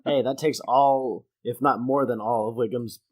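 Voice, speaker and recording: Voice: medium pitch, steady tone, normal speed, darkish tone. A podcast co-host making wry, laid-back remarks about a cartoon episode. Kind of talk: casual chat.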